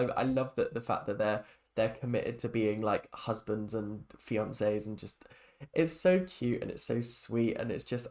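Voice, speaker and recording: A young man talks through a reality show in a loose, rambling vlog. He has a mid-pitched voice and keeps circling back with fillers and restarts, in the easy tone of a casual opinion rant. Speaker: reality TV reaction vlogger.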